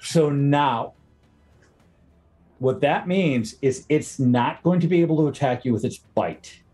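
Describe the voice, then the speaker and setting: A man's voice: a little high, animated, unhurried, dark tone, soft background music. A man running a tabletop game as game master, narrating the action and patiently explaining the rules.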